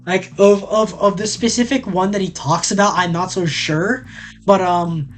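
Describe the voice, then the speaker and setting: A man's voice: high voice, steady tone, moderate pace, soft background music. A man streaming a casual chat, rambling and joking with many restarts and frequent laughs, from the southern United States.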